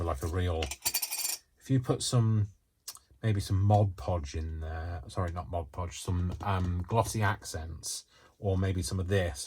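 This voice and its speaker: A man hosting a casual craft demonstration from a home craft space, talking in a rambling, excitable way with lots of fillers. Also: low voice, slightly rough. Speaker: craft channel host.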